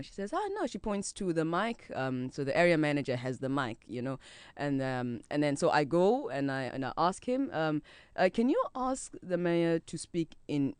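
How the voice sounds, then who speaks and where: Lively South African woman telling a story. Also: low-pitched, smooth, no room sound. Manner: lively, acts out quoted voices, laughs often, code-switches. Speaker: podcast guest. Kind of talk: animated storytelling, casual chat.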